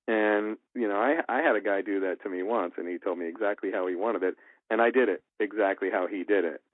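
A man with a somewhat low voice gives casual, rambling advice about studio sessions, restarting his sentences as he goes. His voice comes through thin and phone-like, with a dry, close sound. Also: a little fast, dry recording. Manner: rambling, storytelling, with repeated restarts. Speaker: voice actor and recording engineer.

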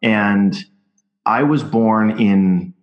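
Blunt low-voiced podcast host. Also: male voice, very slow, highs cut off. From Minnesota. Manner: blunt, candid, casually profane. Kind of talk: casual podcast chat.

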